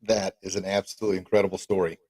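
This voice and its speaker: Energetic man hosting a podcast. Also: low voice, very fast, slight background noise. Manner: energetic, encouraging, repeats words. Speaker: podcast host. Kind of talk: casual podcast interview.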